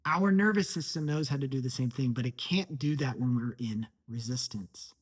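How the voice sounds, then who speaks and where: A man's voice: medium pitch, moderate pace, slightly rough. A man giving an earnest motivational talk as a life coach, stressing points by repetition.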